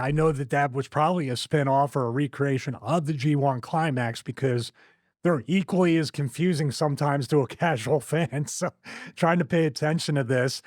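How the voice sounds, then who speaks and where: A man with a Philadelphia accent hosting a wrestling podcast, chatting in an animated, opinionated way with frequent laughs. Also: medium pitch, no room sound, studio quality. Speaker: wrestling show host. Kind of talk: casual podcast chat.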